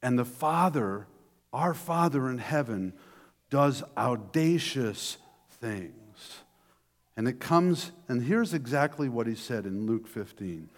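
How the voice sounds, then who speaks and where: Animated preacher man in a reverberant hall. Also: mid-range voice, takes it slowly. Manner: animated storytelling with restarts. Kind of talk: sermon.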